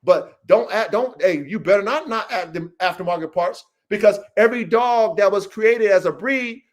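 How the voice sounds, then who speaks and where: Brash high-voiced man ranting on a podcast. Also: normal speed. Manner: profane, boastful, emphatic, addresses listeners by name. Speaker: podcast host and dog breeder. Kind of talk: casual livestream podcast rant.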